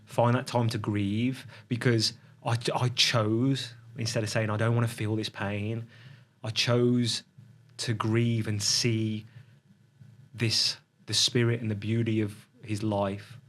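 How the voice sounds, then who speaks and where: Middle-aged male guest, low-pitched, halting storyteller. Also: level tone, a bit bright. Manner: reflective, halting, with restarts and pauses. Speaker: podcast guest. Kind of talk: emotional personal storytelling.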